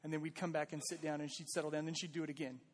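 A man's voice: fairly high pitch, little pitch movement, very fast, big-room sound. A man preaching a sermon as pastor, earnest and conversational, pleading with his listeners.

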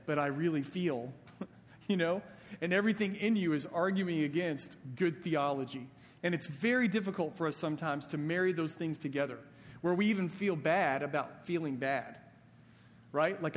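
A man delivers a sermon in a casual, conversational manner, often checking in with his listeners. His voice sits somewhat high. The long reverb of a church sanctuary trails behind his words. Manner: conversational, often adding "right?". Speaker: pastor.

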